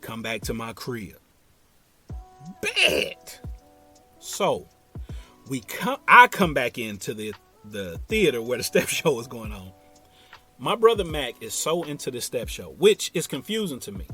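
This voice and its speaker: A man's voice: mid-range voice, very animated, moderate pace, sharp tone, faint music behind. A man from Ohio hosting a podcast, telling a story in a casual, slangy way and talking straight to his listeners. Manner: laid-back, slangy, talks straight to listeners. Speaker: podcast host.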